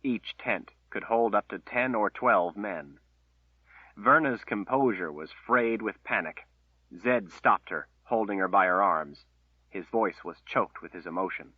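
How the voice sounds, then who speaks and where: A man narrating a fantasy novel in a solemn, measured reading over a tinny phone-like line. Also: lowish voice, breathy edge, no echo. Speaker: audiobook narrator.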